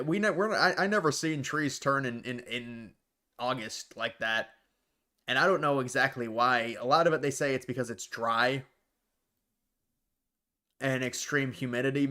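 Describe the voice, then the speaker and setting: This time the Ohio livestream host sounds forceful, his medium-pitched voice bright as he bluntly rambles through questions from viewers and keeps restarting his sentences.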